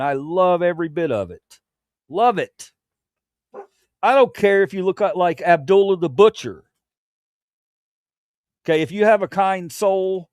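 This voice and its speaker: A grown man past his youth hosts his own late-night livestream, chatting candidly with viewers. He rambles, stammers through restarts, and swears casually, his high-pitched voice recorded at studio quality with no echo.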